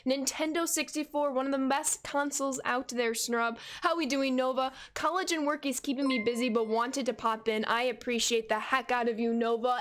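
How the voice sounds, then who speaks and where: Young woman, twenties, bright high voice, upbeat gaming streamer reading chat. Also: steady tone, moderate pace, few pauses. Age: 20s. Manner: upbeat, greets chat viewers by name. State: out of breath. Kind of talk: casual live-stream chat.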